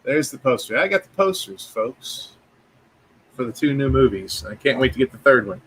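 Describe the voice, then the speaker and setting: A man hosting a podcast, joking loudly with crude banter in casual chat. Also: mid-range voice, big pitch swings, moderate pace, slight background noise. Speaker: podcast host.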